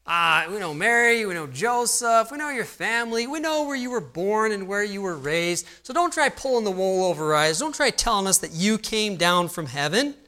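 A man's voice: high voice, expressive, normal speed, few pauses, sharp tone, voice pushed up. A man voicing a scoffing crowd of townspeople, sneering and dismissive, in a mocking tone.

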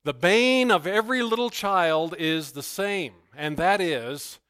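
A man preaching as pastor, who prays softly and then tells stories with animated, emphatic bursts. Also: unhurried, few pauses, smooth. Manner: animated storytelling, rising to loud emphatic bursts; hushed, low prayerful delivery. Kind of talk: sermon with opening prayer.

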